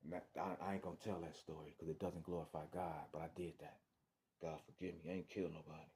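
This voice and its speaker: Deep-voiced man, casual storyteller, repeats himself and acts out the other voices. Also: fast, slight background noise. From Detroit. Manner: animated, acts out voices, restarts and repeats words. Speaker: storyteller sharing his testimony.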